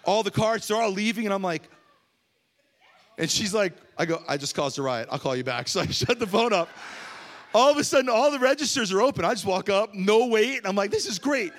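Animated man preaching a sermon. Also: fairly quick. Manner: storytelling with humor, animated swings from low to loud. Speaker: pastor.

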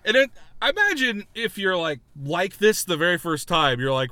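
A man telling a comedic story, animated and laughing as he acts out quotes. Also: high voice, moderate pace, no echo. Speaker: guest storyteller.

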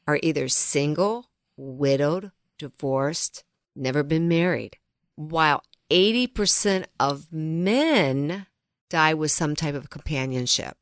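A woman's voice: fairly low pitch, no room sound, studio quality. A woman financial advisor on a talk show, telling client stories earnestly and often turning to her co-host by name.

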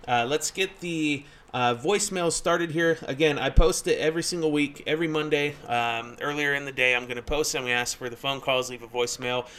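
A man co-hosting a casual sports podcast, chatty and quick to laugh at himself. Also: a little high, a bit bright. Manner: chatty, laughing, self-deprecating. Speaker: podcast co-host.

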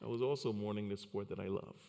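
Earnest low-voiced man in a hall. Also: steady tone, fast, gravelly, warm tone, a little hiss or hum. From Liberia. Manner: earnest, repeats words when starting a thought. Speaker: speaker. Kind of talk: personal storytelling talk. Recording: long hall reverb.

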